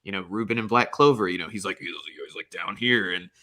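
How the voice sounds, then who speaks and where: A young man with a bright, forceful tone on a livestream panel. He talks casually, halting and restarting his sentences often. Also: fairly low pitch. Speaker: voice actor on a panel.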